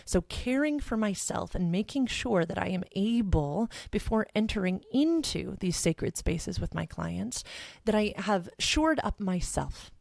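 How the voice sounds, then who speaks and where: A woman's voice: mid-range voice, lively intonation, measured pace, creaky, a little mellow, no echo, clean studio sound. A woman guest on a podcast interview, speaking in an earnest, flowing, heartfelt way. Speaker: guest, sexuality educator.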